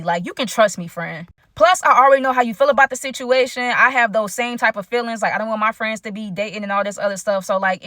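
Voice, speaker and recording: Bright-voiced chatty young woman storyteller. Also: medium pitch, no room sound, studio quality. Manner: animated, chatty, slangy, talks straight to viewers. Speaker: storyteller vlogger. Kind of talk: casual storytime narration.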